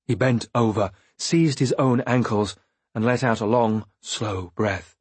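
Male narrator, husky, dry close read, steady and grave first-person fantasy audiobook. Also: lowish voice, moderate pace, no echo.

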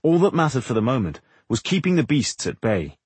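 A man narrating a fantasy audiobook in a measured, expressive storytelling manner. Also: medium pitch, breathy edge, no room sound. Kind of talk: scripted narration.

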